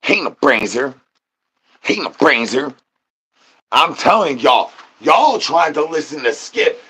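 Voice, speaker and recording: A man rambling through a live-stream chat, chanting nonsense rhymes and catchphrases with sudden high-pitched outbursts. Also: big pitch swings, slow pace, sharp tone, breathy edge.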